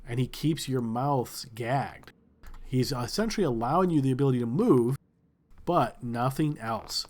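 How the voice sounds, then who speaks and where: A man narrating a tabletop game as game master, relaxed and searching for words. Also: medium pitch, a little slow.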